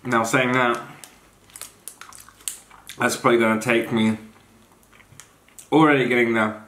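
Male fitness vlogger, bright forceful voice, frank snack reviewer, roomy echoey room. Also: mid-range voice. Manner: blunt, unimpressed taste-tester. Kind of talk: casual product review.

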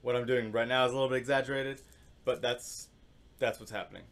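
A man teaching orchestral percussion, explaining calmly with many fillers and singing rhythms on syllables. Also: medium pitch, quick pace. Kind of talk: instructional demonstration.

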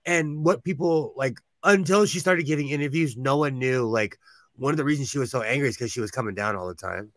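A man from California, hosting a live sewing show and chatting in an animated, gossipy way, telling stories and laughing often. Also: fairly high pitch, dry recording, clean studio sound. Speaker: host. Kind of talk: casual chat.

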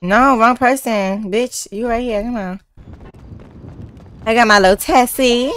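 A woman's voice: on the high side, a little slow. A woman streaming a role-play game who talks brashly and curses a lot while telling stories over voice chat. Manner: brash, profane and animated storytelling. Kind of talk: casual gaming stream chat.

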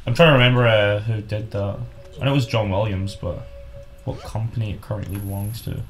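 A man's voice: fairly low pitch, steady tone, a little fast, soft background music. A man co-hosting a video game let's play, bantering casually, humming and joking. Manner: playful, hums tunes and jokes.

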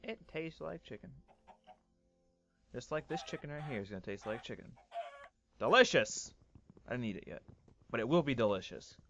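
A young man doing loud, profane, melodramatic commentary over a game he is playing. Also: mid-range voice, lively intonation, a little fast, vocal fry, pauses often, dull audio, faint music behind. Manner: loud, swearing, melodramatic outbursts. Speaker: gaming YouTuber. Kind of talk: Let's Play commentary.

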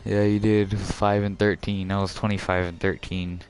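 A young man streaming a video game and chatting with a friend over a headset, excitable and yelling at the game. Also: deep voice, moderate pace, faint music behind. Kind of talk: gaming live stream chat.

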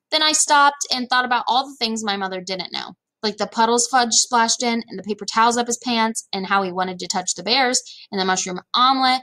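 A woman reading a children's chapter book aloud in a lively, expressive storytelling manner. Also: fairly high pitch. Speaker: read-aloud narrator.

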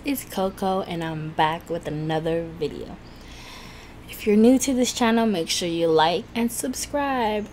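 A woman's voice: mid-range voice, a little hiss or hum. A woman hosting a casual eating vlog, chatty and laughing often, tripping over her words a little. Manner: chatty, laughs often, self-conscious about talking fast. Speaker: food vlogger host. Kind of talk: casual mukbang chat.

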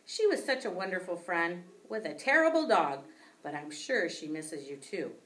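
A woman voicing a kind, gentle schoolgirl offering sympathy. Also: lowish voice, sing-song, moderate pace, echoey room, recorded from a distance. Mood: sympathetic.

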